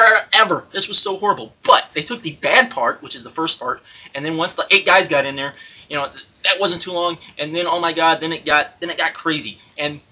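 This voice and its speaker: A man's voice: a little high, pushed and bright, low-quality recording. A man voicing a giddy male alter-ego reviewer who gushes over wrestling shows and keeps repeating and exclaiming. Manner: gushing, repeats himself, exclaims often. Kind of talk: excited spoken review.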